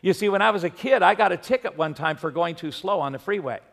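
Male pastor, high and gravelly voice, chatty sermon full of jokey anecdotes, long church reverb. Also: expressive, fast, a bit bright. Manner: conversational preaching with humorous anecdotes.

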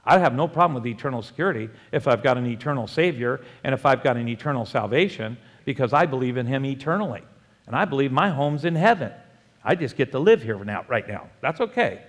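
Animated male preacher in a reverberant hall. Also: mid-range voice, quick pace. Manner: animated preaching, swings between quiet and loud, prompts the congregation. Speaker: pastor. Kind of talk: sermon. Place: church sanctuary.

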